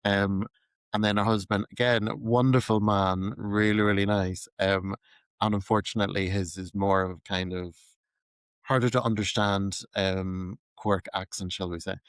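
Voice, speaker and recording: Irish guy chatting on a podcast, lowish voice, laughs a lot, dead dry mic. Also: little pitch movement, moderate pace, smooth, no room sound. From Ireland. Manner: chatty, laughs often, trails off quietly. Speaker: podcast host. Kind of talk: casual chat.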